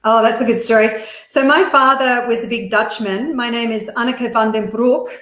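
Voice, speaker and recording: A woman with an Australian accent telling stories quickly and animatedly as an interview guest, with plenty of fillers. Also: on the high side, steady tone, a bit bright. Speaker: guest, business founder. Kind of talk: interview storytelling. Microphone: video call. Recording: roomy echo.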